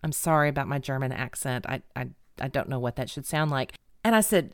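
A middle-aged woman telling a funny personal story in an animated, dramatic, self-mocking way. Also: extremely low pitch, fairly quick, no echo, studio quality. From Texas.

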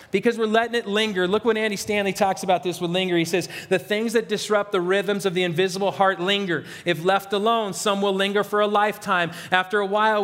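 A man's voice: sits high, a bit bright, long reverb tail. A middle-aged man, a pastor, preaching an earnest, conversational sermon full of repetition and restarts.

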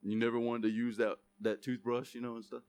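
A young man preaching a sermon as pastor, swinging between loud, emphatic preaching and self-mocking jokes. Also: mid-range voice, level tone, a little fast, clear, resonant tone, no room sound.

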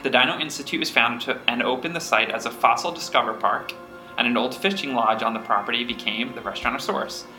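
A man co-hosting a podcast, trading crude deadpan jokes and reading a backstory aloud in casual chat. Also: mid-range voice, fast talker, reverberant, soft background music, low-quality recording. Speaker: podcast co-host.

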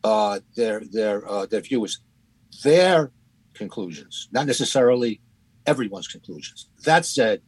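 A man co-hosting a podcast, critiquing a documentary in a casual, halting way with many fillers and restarts. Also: lowish voice, expressive, slightly rough, no echo, low-quality recording. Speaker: podcast co-host.

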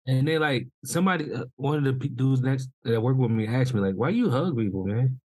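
A man's voice: medium pitch, lively intonation, brisk, a little mellow, husky, dry recording. A man co-hosting a podcast in casual, earnest chat who often checks in with his listener. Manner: earnest, often asks "you know what I'm saying?". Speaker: podcast co-host.

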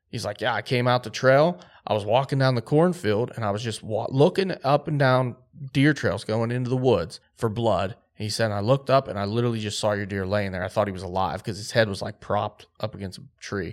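Man, podcast co-host, lowish voice, casual storytelling, filler-heavy, quotes dialogue. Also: brisk, few pauses. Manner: excited, lively retelling with quoted dialogue; laid-back, filler-heavy speech with frequent "like".

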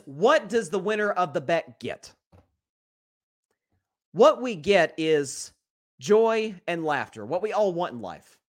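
A man with an East Tennessee accent hosting a casual sports podcast, upbeat and full of quick restarts and repeated words. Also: on the high side, fairly bright tone. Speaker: podcast host.

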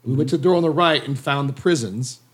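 A man's voice: mid-range voice, fast talker, husky. A man playing a tabletop game, asking questions and thinking aloud. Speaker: player.

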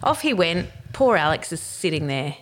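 A woman's voice: deep voice, sing-song, moderate pace. A middle-aged woman, chatting casually as a podcast co-host, telling a story with lots of swearing and laughter. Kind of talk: casual chat.

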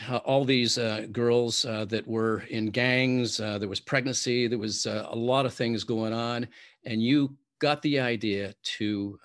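A male interviewer leads the conversation with long recap-style questions. He speaks haltingly, stopping often on filler sounds before landing each question. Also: mid-range voice, a bit bright. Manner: halting, many uh fillers while framing questions.

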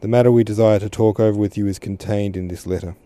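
A man's voice: lowish voice, fairly even intonation, mellow, natural voice. A man voicing a formal, serious older merchant addressing his daughter. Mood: formal grave. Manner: measured, formal.

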